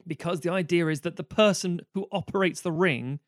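Brief: man, podcast co-host, lively and profane, fairly high voice, dry close sound. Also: a little fast, dry recording. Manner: animated, swears freely, mock-quotes characters. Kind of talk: casual film discussion.

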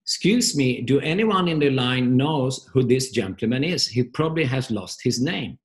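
Man reads a patient female flight attendant, soft and friendly. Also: mid-range voice, expressive, normal speed, lightly acted. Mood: calm polite.

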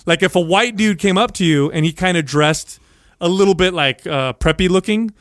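A man's voice: sits high, normal speed, a bit bright, no room sound, clean studio sound. A man co-hosting a podcast in casual chat, brash, crude and joking. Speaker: podcast co-host. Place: podcast studio.

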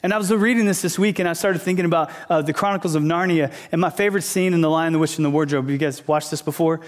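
A man preaches a sermon and drives home his points with animated, emphatic storytelling. His voice sits fairly high. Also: fast. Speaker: pastor, teacher.

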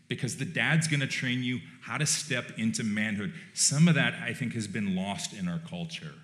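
A male pastor preaching a sermon in a relaxed, conversational way, with wry joking asides. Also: mid-range voice, moderate pace, hardly any pauses. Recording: roomy church echo.

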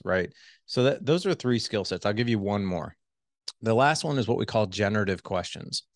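A man's voice: lowish voice, gravelly, no room sound, clean studio sound. A middle-aged man, a relationship coach on a podcast, animatedly explaining communication skills and acting out voices. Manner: animated, acts out voices of his wife and himself. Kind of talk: podcast interview, advice.

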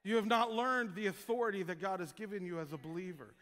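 High, bright-voiced preacher in a hall. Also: male voice, quick pace. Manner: joking, jumps to loud shouted prayer impressions. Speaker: pastor. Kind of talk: sermon.

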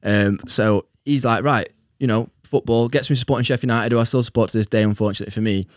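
A man's voice: medium pitch, fairly even intonation, fast, no echo, clean studio sound. A young man telling a self-mocking story to friends, laughing often as he talks. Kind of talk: casual storytelling among friends.

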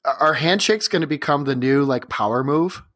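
A man's voice: a little high, normal speed, a bit bright. Playful joking male co-host. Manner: playful, joking interjections and questions. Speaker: podcast co-host. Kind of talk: casual chat.

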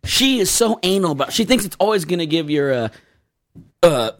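A man's voice: high-pitched, very animated, moderate pace, no room sound, studio quality. A man telling rambling stories in casual chat, cursing and laughing often.

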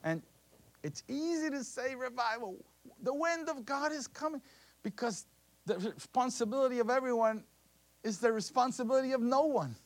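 A man preaching a sermon, telling a scripture story with animated bursts and acted-out voices. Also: very high-pitched, moderate pace.

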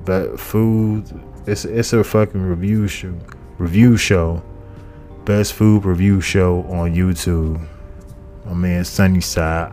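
Male podcast host, low dark voice, swears constantly and rambles, faint music behind. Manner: profane, rambling, repeats phrases. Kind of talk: casual comedic monologue.

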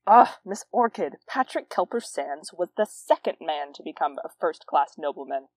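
A woman's voice: low voice, animated, moderate pace, darkish tone, no room sound, poor audio. Woman putting on an exasperated middle-aged tutor. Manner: exasperated, curt. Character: exasperated forty-year-old male tutor, stiff.

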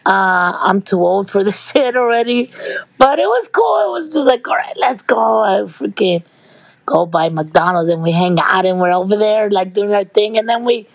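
Gravelly middle-aged woman telling stories. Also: medium pitch, normal speed, no echo. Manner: lively, laughing, swears freely. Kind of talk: casual storytelling.

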